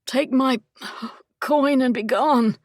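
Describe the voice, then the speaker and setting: A defiant young duke, held against a wall but refusing to back down, as a woman narrator takes him on. He speaks in strained, clipped demands, with a gravelly catch in the voice, and the read stays close and dry on the mic. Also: mid-range voice, normal speed, no room sound. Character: young male duke, cornered yet defiant.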